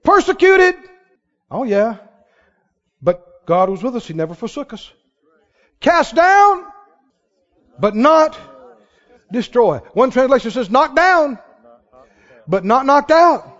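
A man's voice: very high-pitched, big pitch swings, takes it slowly, long pauses. A man preaching a sermon with emphatic delivery, calling on the congregation to respond. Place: church sanctuary. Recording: dull sound in a large reverberant hall.

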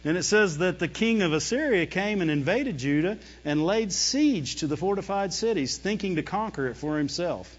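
Guy preaching a sermon, kinda high voice, acts out whiny voices and laughs a lot, muffled lo-fi audio. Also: moderate pace, hardly any pauses, breathy edge, big-room sound. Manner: animated, mimics whining and fearful voices, laughs often. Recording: dull lo-fi sound.

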